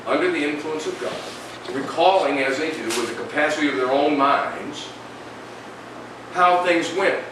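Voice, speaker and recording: A man's voice: on the high side, noisy background. A man leading an informal Bible study for a group, talking in a conversational way and asking rhetorical questions. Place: indoor room with a group. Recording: echoey room, voice from a distance.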